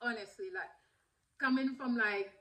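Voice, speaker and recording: A woman in her thirties whose first language is French, telling a personal story in a lively way, with many fillers and bursts of laughter. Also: a little high, moderate pace. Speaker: vlogger. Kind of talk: casual storytelling.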